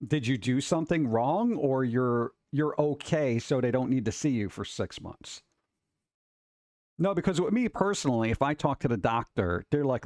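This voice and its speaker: A man's voice: mid-range voice, expressive, moderate pace, a little mellow, no room sound, clean studio sound. A man hosting a casual stream, chatting playfully and making goofy noises. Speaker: streamer host. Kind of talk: casual chat.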